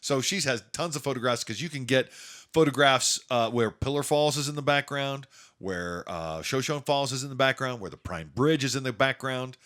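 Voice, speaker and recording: A man co-hosting a podcast in casual chat, animated and quick to joke and laugh. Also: mid-range voice. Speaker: podcast co-host.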